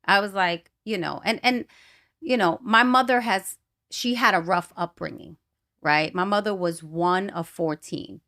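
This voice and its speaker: Gravelly, bright-toned woman podcast host. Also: on the low side, measured pace. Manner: relaxed and reflective, colloquial. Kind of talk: casual conversation.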